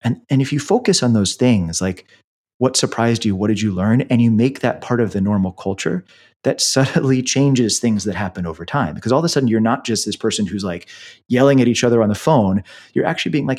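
A man's voice: medium pitch, animated, brisk, darkish tone. A man, an emergency physician, teaching in casual conversation and telling stories animatedly with many fillers.

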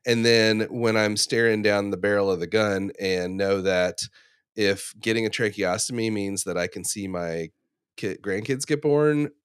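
A man in his forties, an ICU clinician, talking through a medical dilemma in relaxed conversation, telling stories with fillers and restarts. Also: fairly low pitch, measured pace, clean tone, no room sound, clean studio sound. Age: 40s. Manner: reflective, storytelling with frequent fillers and restarts. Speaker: ICU clinician, podcast co-host. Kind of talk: casual professional discussion.

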